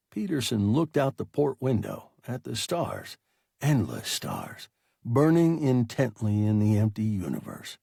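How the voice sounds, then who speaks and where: A man narrates a science fiction story slowly and expressively, his gravelly, husky voice rising and falling widely. The reading is close and dry, with no room sound. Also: mid-range voice, wildly swooping pitch, dark tone, dry recording. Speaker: audiobook narrator. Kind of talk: scripted narration.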